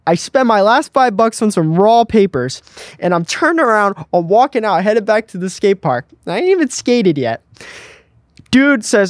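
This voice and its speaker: A young man tells a tale from his past with lively, fast-shifting energy, full of fillers like "you know what I mean". His voice sits a bit high for a man and sounds close and dry, with no room echo. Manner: animated, acts out quotes with frequent "like" and "you know what I mean". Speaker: guest skateboarder. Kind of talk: casual storytelling.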